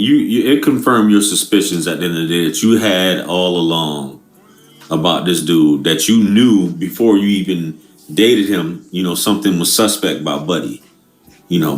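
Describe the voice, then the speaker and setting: A man's voice: low voice, roomy sound. A man hosting a reaction channel, talking in laid-back, slangy banter. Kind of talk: casual reaction commentary.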